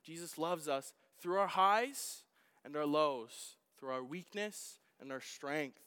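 A middle-aged man preaching a sermon as a pastor, telling a personal story with acted-out shouts. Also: a little high, slow pace, clean tone. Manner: animated storytelling, acting out his own shouts. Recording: long hall reverb.

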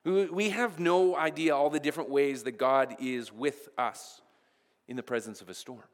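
A man's voice: mid-range voice, moderate pace, long reverb tail. A pastor preaching a sermon, earnest, often repeating the first word of a phrase as he goes.

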